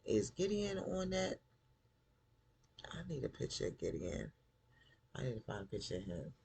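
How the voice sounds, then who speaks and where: A man casually recapping a TV episode, chatty and animated, acting out the characters' lines in a style. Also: on the low side, moderate pace, vocal fry, slight background noise. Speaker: TV show recap host.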